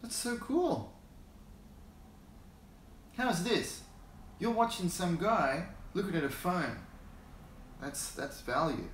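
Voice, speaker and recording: Aussie guy rambling on a livestream, bit high voice, echoey room, chuckles a lot. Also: lively intonation, slow pace, pauses often, fairly bright tone, a little hiss or hum. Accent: Australian. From Australia. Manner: rambling, chatty, chuckles often, greets viewers by name. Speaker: hobby channel host. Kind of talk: casual livestream chat. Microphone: phone held in hand.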